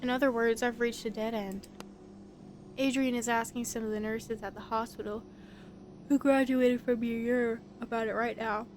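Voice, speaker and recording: A woman's voice: fairly high pitch, fairly even intonation, moderate pace, a little mellow, faint music behind, natural voice. Earnest inquisitive game sleuth, voiced by a woman. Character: polite young investigator searching for someone. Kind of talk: voice-acting a visual novel.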